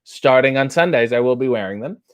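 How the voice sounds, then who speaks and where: A man's voice: medium pitch, expressive, a little fast. A man hosting a casual live chat, reading viewer questions and answering with wry, self-mocking jokes.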